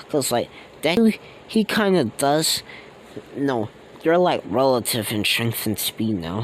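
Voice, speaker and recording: A man's voice: mid-range voice, a little hiss or hum, rough recording. A man telling a fan-made story off the cuff, rambling and slangy, with many fillers and restarts. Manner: slangy and casual.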